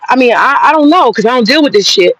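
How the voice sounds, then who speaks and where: A woman's voice: fairly high pitch, lively intonation, quick pace, a bit bright, no echo, poor audio. An American woman hosting a livestream, ranting bluntly and profanely while reading the chat. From United States. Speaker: livestream host.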